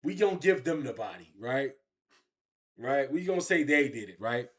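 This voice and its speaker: A man telling his own story in an interview, animated and repetitive, with heavy street slang. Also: mid-range voice, normal speed. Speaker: interview guest.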